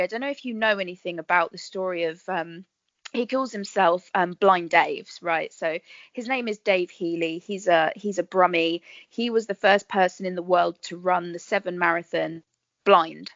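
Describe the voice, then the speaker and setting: A woman, a guest actress chatting in a podcast interview, bubbly and quick to laugh as she tells her stories. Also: lowish voice, fairly bright tone, no echo, dull audio. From England. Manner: chatty, bubbly storyteller who laughs often.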